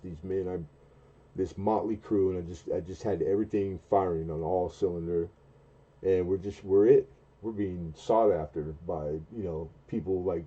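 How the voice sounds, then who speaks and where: A man's voice: husky, highs cut off. A man in his forties telling a long, rambling story on a casual late-night stream, often stopping and restarting mid-sentence. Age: 40s. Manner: rambling, halting, with many restarts and fillers; acts out quoted dialogue in a much higher, louder voice. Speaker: livestream host.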